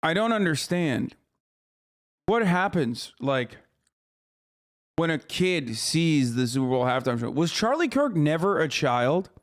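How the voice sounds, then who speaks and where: Man with a slightly high voice, for an incredulous live-stream reaction host who swears freely. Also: very animated, measured pace, long pauses.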